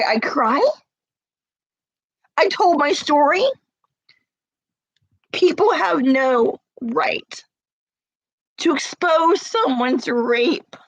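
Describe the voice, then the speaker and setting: A woman's voice: sits high, animated, slow, long pauses, no echo, rough recording. A woman crying as she talks to camera, confronting someone with repeated pointed questions in an emotional rant. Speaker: vlogger.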